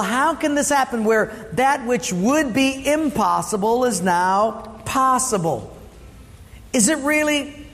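A pastor preaching a sermon, asking the congregation questions and slowing down for emphasis. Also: male voice, high voice, a bit bright. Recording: long reverb of a hall.

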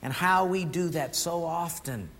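Man, pastor, sermon, storytelling, high voice, faint background hiss. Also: a little slow, a bit bright. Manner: storytelling, questions to the congregation. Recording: echoey hall with faint noise.

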